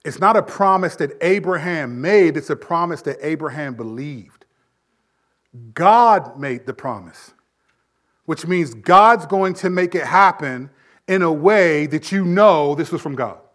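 A man preaching a sermon, his voice sitting a touch higher than most men's. He swells loud on key points, then falls quiet and low to drive them home. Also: lively intonation, a little slow. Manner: preaching with emphatic swells and drops in volume. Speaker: pastor.

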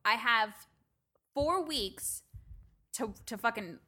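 A woman's voice: fairly high pitch, expressive, takes it slowly, pushed and bright. A young adult woman co-hosting a podcast in casual chat, talkative, swearing freely and acting out quotes. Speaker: podcast co-host.

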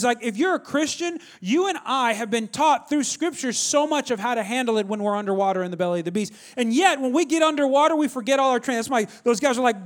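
A middle-aged pastor with a notably high voice delivers a sermon through a lively personal story. He talks in an animated, conversational way and keeps calling out to the congregation to draw them in.

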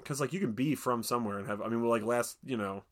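A man's voice: mid-range voice, quick pace. A young man co-hosting a casual movie podcast, talking animatedly and dropping into silly voices. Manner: animated, slips into exaggerated impressions and silly voices. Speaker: podcast co-host. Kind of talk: casual movie review chat.

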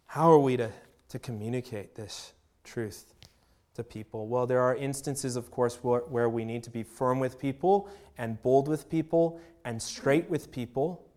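Preaching earnestly to his flock, this pastor speaks with a man's mid-range pitch and a darkish tone. His sermon is marked by emphatic pauses and swelling, dropping volume.

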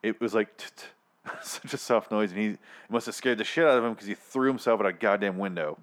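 A man's voice: fairly low pitch, fast. A man hosting a casual podcast chat, retelling a scene with lots of swearing and laughter. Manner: profane, laughing, animated storytelling. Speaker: podcast host.

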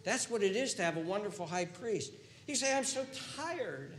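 Older preacher, hushed to booming. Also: male voice, lively intonation, brisk, echoey room, a little hiss or hum. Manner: impassioned, repetitive, swings from hushed to booming. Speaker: pastor. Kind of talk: sermon. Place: church sanctuary.

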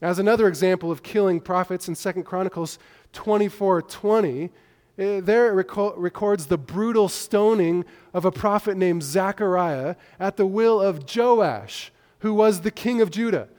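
A man preaching a measured expository sermon, walking through a passage point by point with small restarts. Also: sits high, darkish tone. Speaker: pastor. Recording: long echo of a hall.

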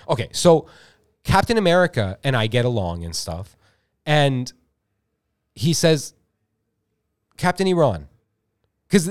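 Guy on a podcast riffing a made-up story, mid-pitch voice, lots of like and restarts. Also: darkish tone. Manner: rambling, filler-heavy, self-interrupting. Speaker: podcast co-host. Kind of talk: improvised comic storytelling.

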